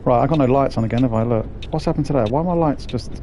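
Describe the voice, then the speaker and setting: A man with a dark-toned, mid-range voice rattles along very fast as he streams a bus simulator. He's a gaming streamer swearing and joking with his chat in live commentary, and a little hiss or hum sits under the audio.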